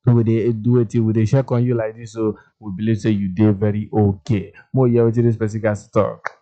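A man with a Nigerian Pidgin accent hosting a radio phone-in show, lively and jokey as he reads listener messages aloud. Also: fairly low pitch, a little fast. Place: radio studio. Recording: dull lo-fi radio broadcast.

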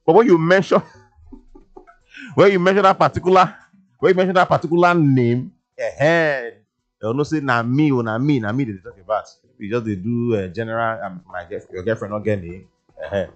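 Soft music plays behind this man's medium-pitched, fairly quick voice, and the studio mic recording sounds muffled. He's a playful, talkative radio host with a Nigerian Pidgin English accent who leans heavily on fillers.

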